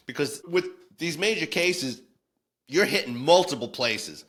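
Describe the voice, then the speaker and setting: A man's voice: a little high, expressive, unhurried, fairly bright tone. A man, a former police detective telling war stories in a casual, blunt, salty way with frequent restarts. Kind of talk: casual storytelling.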